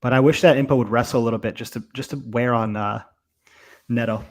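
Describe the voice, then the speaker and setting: A man's voice: mid-range voice, fairly even intonation, fast talker. Casual, profane young man commenting on fights. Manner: loose and profane, with many fillers. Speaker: co-host of a fight watch-along.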